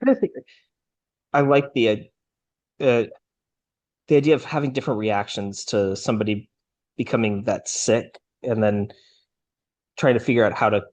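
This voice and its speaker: A man's voice: on the low side, normal speed, pauses often. A young adult man co-hosting a casual anime podcast, reacting and asking his co-host questions. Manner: relaxed, asks questions and reacts.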